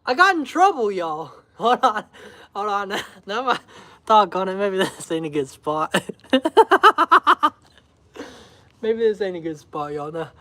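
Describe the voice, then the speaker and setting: A rambling, chatty man with a fairly high voice, laughing easily as he talks to viewers in a home livestream. The sound is close and dry, with almost no room in it. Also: big pitch swings, slow pace, bright, forceful tone, dry recording. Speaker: homestead vlogger. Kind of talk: casual livestream chat. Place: indoors at home.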